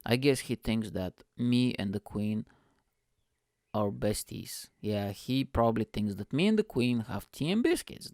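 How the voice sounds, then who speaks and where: A man's voice: lowish voice, creaky, a little mellow, no echo, studio quality. A man hosting his own comedy show, rambling through profane, self-mocking asides. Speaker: comedian and podcast host. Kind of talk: casual comedy monologue. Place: at home.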